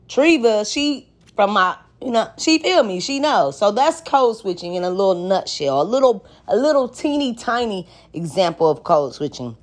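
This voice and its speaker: A woman's voice: mid-range voice, very animated, moderate pace, hardly any pauses. A woman hosting a solo podcast, talking casually in a frank, joking and profane way. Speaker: podcast host.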